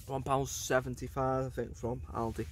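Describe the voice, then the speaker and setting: A man's voice: medium pitch, little pitch movement, normal speed. A man vlogging casually outdoors on a windy coast, chatting and rambling with plenty of fillers into a handheld camera. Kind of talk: casual vlog chat.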